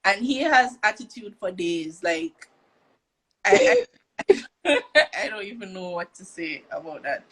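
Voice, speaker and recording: A woman's voice: mid-range voice, huge pitch swings, unhurried, pauses often, fairly bright tone, breathy edge, low-quality recording. A woman guest chatting casually about her son and her life, laughing as she goes. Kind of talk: casual chat.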